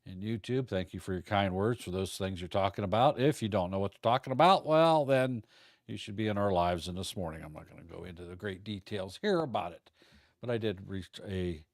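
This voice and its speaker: Animated and fairly quick, a low-pitched middle-aged man teaches futures trading over a livestream. The trading instructor rambles in a casual, folksy manner and now and then stumbles on a word. Recording is studio quality, without room sound.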